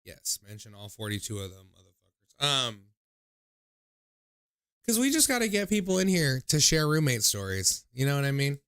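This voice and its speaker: A man's voice: big pitch swings, normal speed, pauses often, a bit bright, clear, resonant tone, dry recording, clean studio sound. A young man, hosting a livestream and telling stories in a casual, profane, rambling way full of fillers. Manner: mimics people in high voices when quoting. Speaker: livestream host taking call-ins. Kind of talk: casual storytelling chat.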